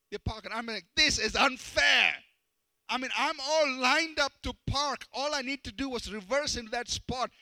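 High, bright-voiced male pastor preaching. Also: no room sound, rough recording. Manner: animated, storytelling with self-deprecating humor. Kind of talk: sermon.

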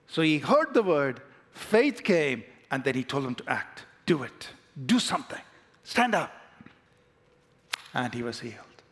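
Man preaching with call-and-response. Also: on the high side. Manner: emphatic call-and-response preaching, leads congregation in declarations. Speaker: pastor. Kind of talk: sermon. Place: church sanctuary.

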